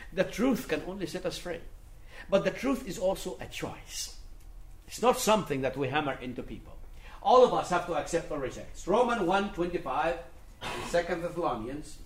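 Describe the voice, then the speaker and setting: A somewhat high-voiced man delivers a sermon in a roomy, echoing space. He moves from soft, low asides to loud, driving emphasis, hammering his points by repeating them. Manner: swings between quiet and forceful emphasis; repeats key phrases for stress. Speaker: preacher.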